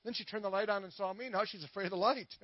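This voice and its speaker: A man's voice: high voice, quick pace, dry recording, muffled recording. A middle-aged man, preaching a sermon with prayers, full of playful corny jokes. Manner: playful, corny jokes and laughs at his own puns.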